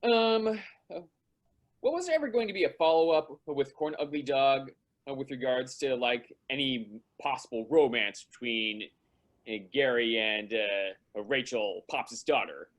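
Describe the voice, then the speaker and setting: A man's voice: medium pitch, lively intonation, a little slow. A man co-hosting a fan panel, asking detailed questions hesitantly with many fillers. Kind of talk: casual chat.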